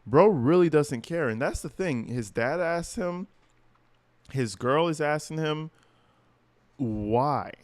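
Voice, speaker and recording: Brief: male channel host reacting casually and bluntly, smooth voice, close dry mic. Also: a little high, unhurried, a little mellow, no room sound.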